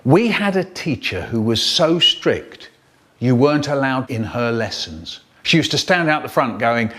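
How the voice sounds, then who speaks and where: A man telling spliced comic stories in an animated way, jumping between voices. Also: medium pitch, a little slow. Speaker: storyteller.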